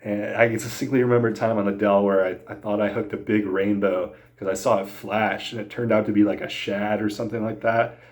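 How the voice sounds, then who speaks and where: A man's voice: lowish voice, level tone, quick pace, few pauses, darkish tone. A younger man casually telling fishing stories as a podcast host, rambling with many fillers and frequent laughter. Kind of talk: casual storytelling.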